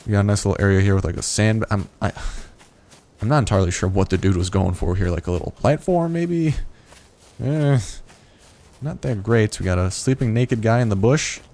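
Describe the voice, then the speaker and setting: A man's voice: lowish voice, a little fast, darkish tone. A man casually narrating his own gameplay, talking in a chatty, rambling way full of "like". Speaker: gameplay video host.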